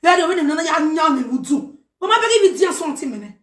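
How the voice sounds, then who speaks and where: A woman with a Nigerian accent delivering a heated, animated message to camera, mixing pidgin with a local language. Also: sits high, quick pace. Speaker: social media personality. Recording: roomy echo.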